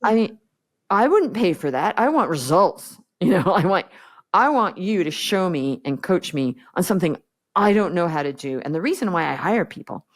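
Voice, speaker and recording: A woman's voice: on the low side, big pitch swings, moderate pace. A woman business coach speaking bluntly and directly as a podcast guest, acting out the exchanges she quotes. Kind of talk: podcast interview conversation.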